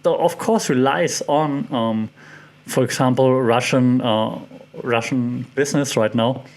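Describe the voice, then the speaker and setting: A man's voice: mid-range voice, slow. A man hosting a solo podcast, thinking aloud with many fillers and restarts and putting questions to his listeners. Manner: curious, puts questions to listeners. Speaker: podcast host. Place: lives in Thailand.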